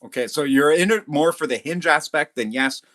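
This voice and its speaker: A man's voice: fairly high pitch, normal speed, fairly bright tone. A middle-aged man hosting a livestream, chatting casually, reading comments aloud, and swearing constantly as he boasts and rants. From Canada. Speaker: livestream host.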